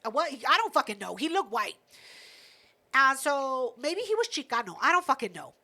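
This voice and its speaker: A woman co-hosting a podcast, telling a story in a casual, animated rant full of swearing. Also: high-pitched, moderate pace. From United States. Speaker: podcast co-host. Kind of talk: casual chat.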